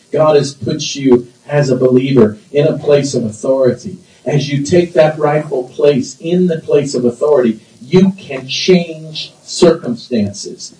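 A man's voice: medium pitch, mellow. Preaching man in an echoey church. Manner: emphatic preaching with repeated phrases and call-and-response. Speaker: pastor. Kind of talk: sermon. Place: church sanctuary. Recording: roomy church echo, distant mic.

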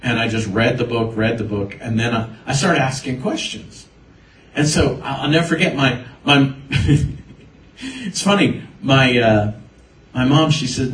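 A man's voice: medium pitch, normal speed, far from the mic, a little hiss or hum. A man preaching a sermon, telling his own story and quoting the people in it. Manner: storytelling, animated quoting of others. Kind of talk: sermon with personal testimony. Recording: roomy echo, voice from afar.

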